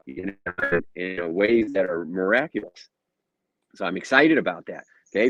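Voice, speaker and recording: A middle-aged man talks through a casual motivational pep talk in a low voice, tossing in "right?" and "uh" as he goes. The sound is muffled and slightly dull, with a dry, close feel and no room echo. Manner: conversational, frequent "right?" tag questions and filler "uh". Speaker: hypnotherapist and mindset coach.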